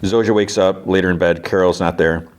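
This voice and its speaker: A man's voice: deep voice, steady tone, brisk, clear, resonant tone. A man hosting a podcast, casually retelling a TV episode scene by scene and peppering it with "she's like.". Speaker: podcast host.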